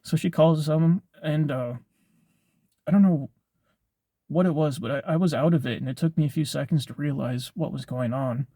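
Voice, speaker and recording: In a clean, echo-free studio recording, a young man's somewhat high, dark-toned voice moves at normal speed. On his vlog he rambles through a personal story, full of fillers and curse words.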